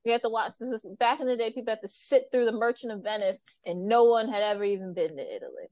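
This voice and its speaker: A woman's voice: on the high side, fast, a little mellow, no echo. Exasperated ranting woman, dry close mic. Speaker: podcast co-host. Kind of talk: casual chat.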